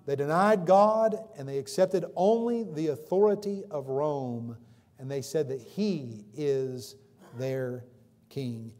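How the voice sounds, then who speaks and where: Pastor guy preaching from the pulpit, kinda high voice, gets loud and emphatic, keeps asking the church questions. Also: slow. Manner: preaching with rising, emphatic calls and questions to the congregation. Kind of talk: sermon. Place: church sanctuary. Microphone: livestream recording from the pulpit.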